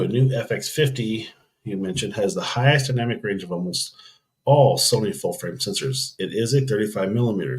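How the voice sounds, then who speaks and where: A man hosting a casual live stream, rambling through camera news and thinking aloud with frequent ums and restarts. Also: fairly low pitch.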